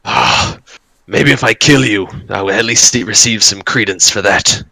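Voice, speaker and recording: A man voicing a vengeful, scornful male dragon with a snarl, low and gravelly. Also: bright, forceful tone, dry recording, heavily acted, low-quality recording. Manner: snarling, contemptuous, slow and grand.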